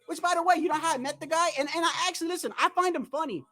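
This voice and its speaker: A man's voice: very high-pitched, racing, sharp tone. A man telling a rambling, profane story on a casual livestream about boxing. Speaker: boxing commentary streamer.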